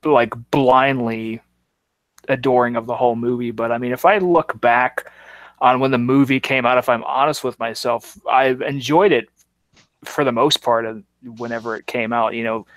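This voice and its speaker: A man's voice: mid-range voice, steady tone, moderate pace, a bit bright, dry recording. A man in his thirties, a guest in a casual chat, talking in a reflective, rambling way.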